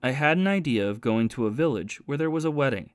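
Remorseful ex-soldier and thief confessing his past, read by a man, steady and plain, dry booth sound. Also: medium pitch, fast, no room sound, natural voice. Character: remorseful former soldier and thief, haunted by guilt.

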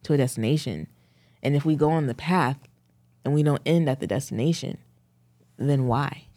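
A woman in her thirties co-hosting a podcast, telling stories with animated laughter in casual chat. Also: rumbling low, moderate pace, dry recording. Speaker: podcast co-host.

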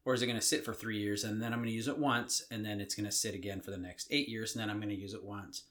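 A man's voice: fairly low pitch, fairly even intonation, fast, a bit bright. A man co-hosting a casual marriage podcast, plainspoken with a dry, folksy sense of humor. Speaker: podcast co-host. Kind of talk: casual chat.

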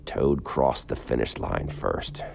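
A man reading a children's story aloud as narrator in a slow, expressive way. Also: very deep voice, vocal fry. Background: soft guitar music.

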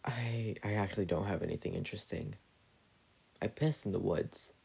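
A man with a gravelly, husky voice rambling through a profane, stumbling comedic monologue. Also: low voice, moderate pace, darkish tone.

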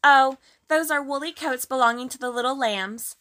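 A woman's voice: sits high, normal speed, pushed and bright. A woman voicing a humble, anxious little hedgehog washerwoman in a storybook reading, polite and sing-song. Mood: fussy, polite.

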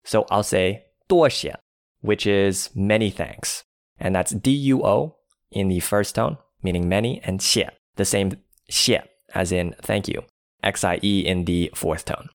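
Male co-teacher, low voice, dry close sound, methodical explanations. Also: a little slow, no echo. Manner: explains word by word, spelling out tones. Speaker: language teacher playing a diner. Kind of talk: language lesson.

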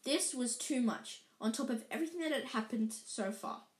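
A woman's voice: on the high side, normal speed. A woman reading a book aloud casually, stumbling and restarting lines as she corrects herself. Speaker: reader. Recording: echoey room.

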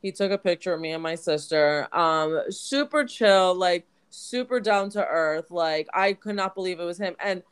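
A woman's voice: fairly low pitch, moderate pace, few pauses, clear, resonant tone. A woman co-hosting a podcast, telling a story in casual chat, full of "like" fillers. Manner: chatty storyteller, many "like" fillers. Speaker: podcast co-host.

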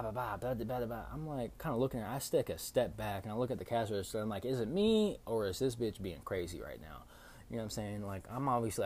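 Low-voiced man telling a profane story. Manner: profane, animated retelling with lots of fillers. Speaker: podcast host. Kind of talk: casual storytelling monologue.

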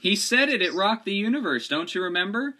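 A young man from Florida hosting a casual podcast, introducing segments and explaining songs in a steady way. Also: sits high, brisk. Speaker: podcast host.

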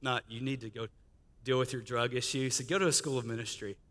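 Man, chatty preacher telling his story, bright tone, long hall echo. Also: mid-range voice, steady tone, quick pace. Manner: conversational storytelling with quoted dialogue and laughter. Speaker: guest speaker sharing testimony. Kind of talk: testimony sermon. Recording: reverberant church hall.

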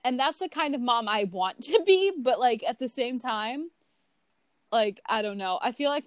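A woman's voice: fairly high pitch, expressive, moderate pace, no room sound. A young woman hosting a casual podcast chat, playful and asking questions, often mimicking others. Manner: playful, asks questions, imitates voices. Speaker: podcast host.

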